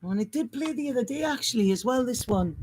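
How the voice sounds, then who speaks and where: A woman giving an improvised spiritual reading, halting and rambling as she restarts her phrases. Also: fairly high pitch, lively intonation, a little mellow, slight background noise. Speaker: astrology and intuitive reader.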